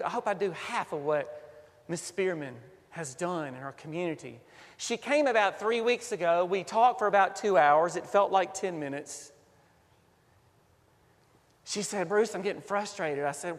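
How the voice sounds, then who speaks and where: Pastor, male, high voice, earnest sermon delivery, rising to bursts then going quiet; long church-hall reverb. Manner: earnest, builds to emphatic peaks, then drops soft.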